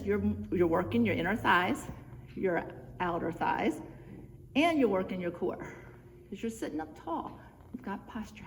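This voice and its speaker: A woman's voice: mid-range voice, darkish tone. Breathless woman leading home exercises. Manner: encouraging, chatty, cueing moves step by step. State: a bit out of breath. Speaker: fitness instructor. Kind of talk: guided home exercise instruction. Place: church room, indoors. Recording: reverberant room with faint background noise.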